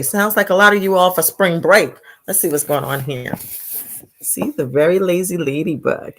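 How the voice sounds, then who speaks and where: Animated woman reading to kids. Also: on the low side, normal speed. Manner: animated, exclamatory, asks the children questions. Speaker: storytime reader for children. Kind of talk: reading a picture book aloud.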